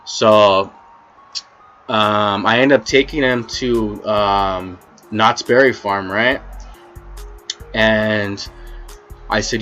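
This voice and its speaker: A man's voice: lowish voice, fairly even intonation, takes it slowly, pauses often, fairly bright tone, soft background music. A man telling a rambling, profane story about his rideshare driving days in a casual vlog, with constant "you know" fillers. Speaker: former rideshare driver.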